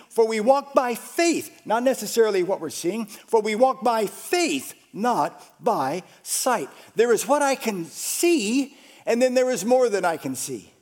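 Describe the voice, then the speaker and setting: A male pastor preaching a sermon with dramatic swings between loud passages and hushed ones. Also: high-pitched.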